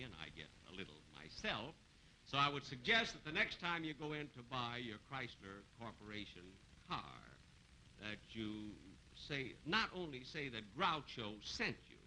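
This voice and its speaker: On a TV studio stage before a live audience, an older man hosts a 1950s variety show, trading comedy banter in a dry, deadpan, self-mocking style. His pitch is medium and his pace moderate, captured in a noisy 1950s broadcast recording.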